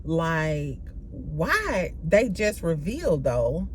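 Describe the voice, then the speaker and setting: Brash woman gossip host, animated delivery, slangy and profane, slight background noise. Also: low voice, very slow. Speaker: podcast host. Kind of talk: casual gossip commentary.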